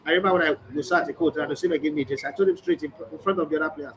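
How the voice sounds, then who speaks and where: A man's voice: a little high, very fast, few pauses, crowd noise, low-quality recording. A middle-aged Nigerian man hosting a sports vlog, telling stories emphatically and acting out quoted conversations. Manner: emphatic, storytelling, acts out quoted exchanges. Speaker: sports journalist and channel host. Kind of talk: casual vlog monologue. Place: hotel room or indoor space, background ambience.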